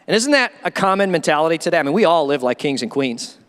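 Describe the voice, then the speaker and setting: A man's voice: fairly high pitch, big pitch swings, fast talker, a bit bright. A male pastor giving a sermon, talking emphatically and conversationally with many rhetorical questions. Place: church sanctuary. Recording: long reverb of a church hall.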